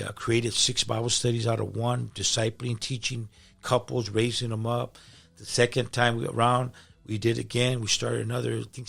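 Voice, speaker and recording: A man's voice: mid-range voice, vocal fry, fairly bright tone. A middle-aged man, a pastor, telling his personal testimony in a podcast conversation, emotional and often repeating words.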